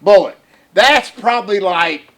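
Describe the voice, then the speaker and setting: Older male co-host, higher voice, excitable, repeats himself, chatty storyteller. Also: unhurried. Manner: animated, laughs often, repeats himself. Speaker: podcast co-host. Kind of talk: casual storytelling chat.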